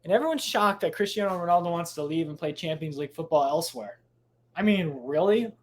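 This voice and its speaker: A man with a highish, expressive voice talks a little fast while hosting a solo podcast from home late at night. The talk is a casual ramble heavy on swearing, restarts, and tangents.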